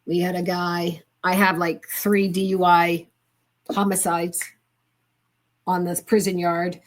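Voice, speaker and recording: A woman's voice: fairly low pitch, little pitch movement, takes it slowly. An older woman as a guest in conversation, telling an earnest, heartfelt story from her volunteer work. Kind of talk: casual conversation.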